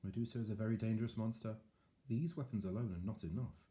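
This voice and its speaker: A man voicing a calm old wise man giving advice in a storybook. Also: lowish voice, fast, lightly acted. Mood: advising.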